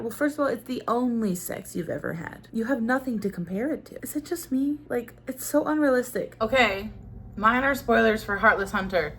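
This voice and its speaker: A woman's voice: medium pitch, a bit bright, a little hiss or hum. A young woman at home, ranting casually about a book she read, swearing freely and acting out lines from it. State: tired from cleaning. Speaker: book vlogger. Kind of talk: casual chat. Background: faint household sounds, washing machine running.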